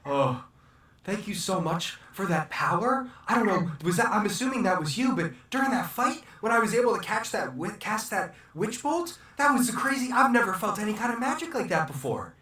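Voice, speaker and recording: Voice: medium pitch, very animated, moderate pace, sharp tone, pitched above the performer's own voice. A player voicing a devoted young sheep-genie in a tabletop game, talking eagerly and chattily. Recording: echoey room, far from the mic.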